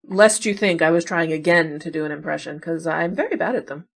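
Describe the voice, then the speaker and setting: A woman talks her way through guessing games, musing aloud in a relaxed, chatty way. Her voice sits on the lower side, and she drops in wry remarks about herself as she goes. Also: brisk, creaky. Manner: chatty, wondering aloud, self-deprecating asides. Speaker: puzzle game streamer. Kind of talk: casual think-aloud commentary.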